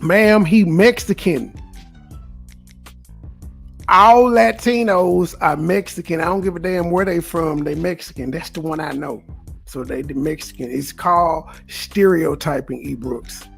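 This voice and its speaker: A man's voice: on the high side, a little slow, creaky, slightly rough, faint music behind. A man live-streaming commentary on clips in a wry, mocking, argumentative way.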